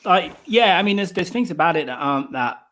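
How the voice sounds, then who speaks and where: A man's voice: sits high, expressive, fairly quick, crowd noise. A man from near Coventry with a mild English Midlands accent, chatting casually as a podcast guest over a call, rambling with lots of restarts. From England, near Coventry. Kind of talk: casual chat.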